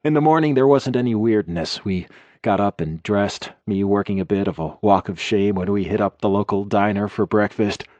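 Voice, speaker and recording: A man's voice: lowish voice, normal speed, darkish tone, dry recording, lo-fi sound. A man reading a first-person romance audiobook in a wry, conversational way, close to the mic. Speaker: audiobook narrator.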